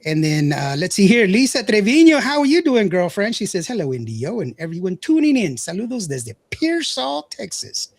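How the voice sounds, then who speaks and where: A man's voice: high voice, wildly swooping pitch, moderate pace, vocal fry, few pauses, no echo. A man hosting a radio show, chatting casually, reading out viewer comments and laughing often. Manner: chatty, laughs often, stumbles over words.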